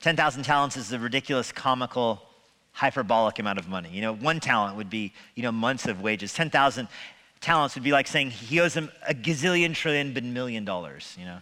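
A man's voice: medium pitch, expressive, a little fast, pushed and bright. Man preaching in a reverberant hall. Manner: conversational preaching with humor and rhetorical questions. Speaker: pastor. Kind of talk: sermon. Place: church sanctuary.

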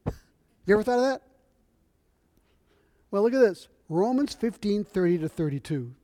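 A middle-aged man preaching a sermon in a church, in a conversational, animated storytelling manner. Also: high voice, moderate pace, no room sound, studio quality. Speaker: visiting missionary preacher.

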